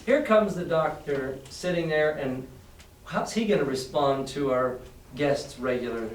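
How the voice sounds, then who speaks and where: A man's voice: a little high, lively intonation, unhurried. A male teacher reads a novel aloud to his class and explains it in a casual, chatty way, asking them questions. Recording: echoey room, far from mic.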